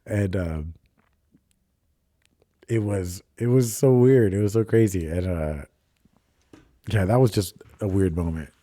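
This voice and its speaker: A man's voice: deep voice, slow, long pauses, warm tone, no room sound, studio quality. A young man hosting a solo podcast, telling a personal story in a rambling, profane, confessional way. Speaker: podcast host. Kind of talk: casual solo podcast monologue.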